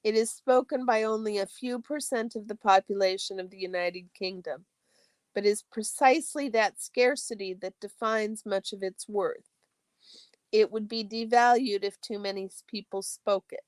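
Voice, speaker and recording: A woman hosting a study stream, reading a textbook aloud in a steady, measured way, her phrase ends trailing off into a soft whisper. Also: medium pitch, dry recording.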